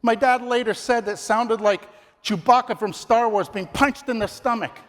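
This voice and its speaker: A man's voice: very high voice, moderate pace. A middle-aged man delivering a theatrical, comic story speech in a competition in a large ballroom. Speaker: contest speaker. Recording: reverberant ballroom.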